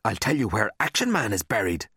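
A man's voice: fairly low pitch, very animated, brisk, sharp tone, slightly rough, no echo, studio quality, full character voice. A man voicing a cheeky, scheming young boy who coaxes and pesters his brother. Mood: wheedling. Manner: wheedling, coaxing.

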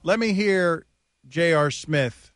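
Animated sports radio host man. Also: on the high side, slow, dry recording, clean studio sound, faint music behind. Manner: animated, laughing, storytelling. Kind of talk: casual sports talk radio. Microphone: studio mic.

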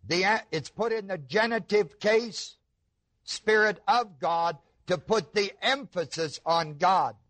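A man preaching a sermon, slow and emphatic, asking his listeners rhetorical questions. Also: high-pitched, a bit bright, no echo.

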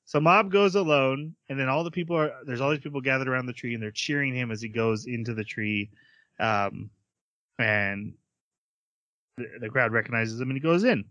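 Brief: bright, dry-sounding male co-host, lively recap storyteller. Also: medium pitch, normal speed, no echo, dull audio. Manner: animated storyteller, acts out character quotes. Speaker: podcast co-host. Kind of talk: casual anime recap chat.

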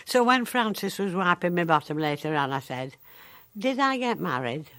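An actress playing a sharp-tongued, ninety-five-year-old woman in a care home, telling her story in a dry, deadpan, wry way with a Northern English accent. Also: on the low side, normal speed. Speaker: monologue character. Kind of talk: dramatic monologue.

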